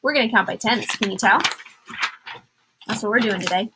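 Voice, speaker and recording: A woman's voice: medium pitch, normal speed, background noise. A woman teacher giving a patient math lesson to young children, counting aloud in a sing-song way.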